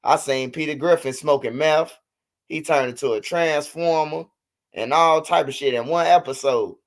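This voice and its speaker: A man's voice: fairly high pitch, moderate pace. A man in his thirties hosting a livestream, talking loosely and profanely in casual chat. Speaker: livestream host.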